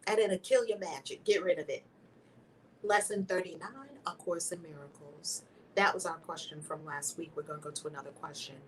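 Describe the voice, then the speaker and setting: A woman hosting a spiritual channel, teaching with emphatic, preacher-like energy that swings between loud exclamations and hushed whispers. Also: low-pitched, moderate pace. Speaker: host of a spiritual video channel. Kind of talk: impassioned spiritual teaching to camera. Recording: somewhat distant mic with faint background noise.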